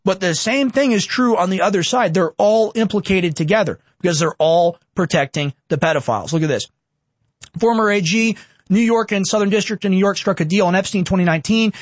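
A man in his twenties rants through heated, sarcastic political commentary. His voice sits high for a man, and it is recorded close and dry with no room sound. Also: a little fast, no echo. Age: 20s.

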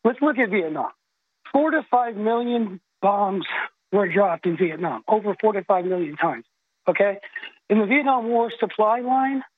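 A man's voice: very high-pitched, no echo. A man calling in to a radio show, an army veteran, speaking intensely and pleading, his voice cracking with emotion. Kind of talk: impassioned call-in rant. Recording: tinny phone line.

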